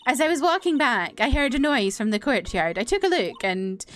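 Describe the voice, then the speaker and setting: A woman's voice: a little high, expressive, moderate pace, fairly bright tone. A woman voicing a fussy elderly nun witness in a game, with a put-on Canadian-style accent. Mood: folksy.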